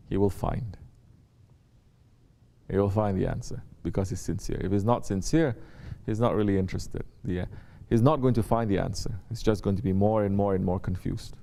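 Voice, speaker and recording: His voice is fairly low, warm and creaky. The man is a Sufi teacher addressing his students in a spiritual talk, repeating what he says and often pausing to check in with short rhetorical questions.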